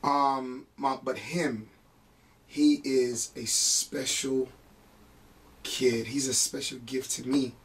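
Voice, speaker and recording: This man, a music producer, has a mid-range voice and speaks slowly, recorded from some distance. He's chatting casually in an interview, sharing family stories in an animated, emotional way and laughing along.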